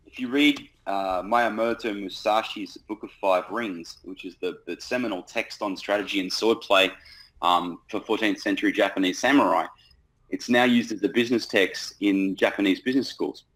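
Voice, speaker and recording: A man's voice: on the low side, moderate pace, poor audio. A man coaching salespeople in casual talk, blunt and full of swearing. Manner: blunt, profane, animated. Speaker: sales trainer.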